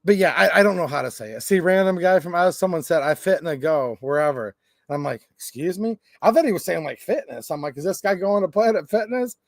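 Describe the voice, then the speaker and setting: A man's voice: high-pitched, expressive, a little fast, vocal fry, no room sound, studio quality. A man hosting a livestream, chatting casually in a rambling, joking way and reading out comments from the chat. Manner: rambling, jokey, reads chat aloud. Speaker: gun rights channel host.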